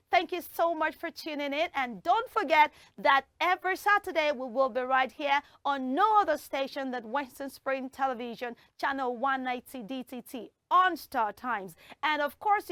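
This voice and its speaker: A woman hosting a children's TV quiz show, bubbly and encouraging, heaping praise on the kids and drawing words out slowly when teaching. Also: high-pitched, fairly bright tone, no room sound, studio quality. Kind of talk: lively hosting of a kids' quiz in front of a school audience.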